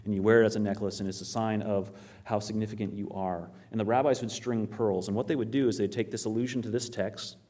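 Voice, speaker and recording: Delivering a sermon, this man speaks quickly in a fairly low register with few pauses. His Bible teaching is animated and story-driven, with scripture quoted aloud and questions he raises for the audience and answers on his own.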